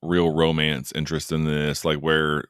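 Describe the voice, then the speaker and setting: A man with a very deep, bright, resonant voice co-hosts a casual book chat. He rambles enthusiastically and trails off mid-thought. The sound is close and dry. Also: monotone, moderate pace, clear, resonant tone, no room sound. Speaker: podcast co-host.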